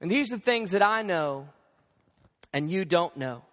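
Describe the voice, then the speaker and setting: A male pastor preaching a sermon, animated and conversational, acting out bits of dialogue. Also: a little slow, pauses often. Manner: animated, acts out dialogue with shifting pitch. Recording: long hall reverb.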